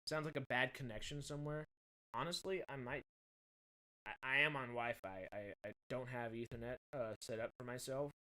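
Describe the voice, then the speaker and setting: A man's voice: medium pitch, normal speed, bright, forceful tone. Rambling man streaming from home. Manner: rambling, self-correcting while fixing mic problems. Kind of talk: casual livestream chat. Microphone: desktop USB mic with pop filter.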